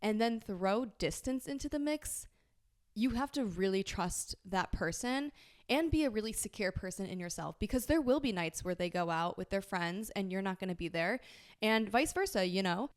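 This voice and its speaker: A woman hosting a podcast, reading out listener questions and giving candid, emphatic relationship advice in a casual chat, swearing freely. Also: medium pitch. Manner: emphatic, reassuring. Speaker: podcast host.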